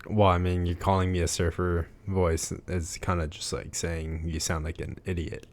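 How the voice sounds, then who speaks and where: A young man with a very deep, low-pitched voice chats on a casual podcast from a small living room. His delivery is dry, laid-back and deadpan. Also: normal speed. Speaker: podcast co-host. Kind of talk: casual chat.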